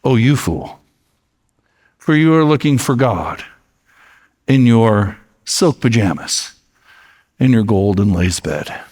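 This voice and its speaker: A man voicing a calm, wise shaman priest who answers slowly and evenly, with church echo around him. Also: medium pitch. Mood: calm rebuke. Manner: calm and unhurried. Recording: echoey church sanctuary.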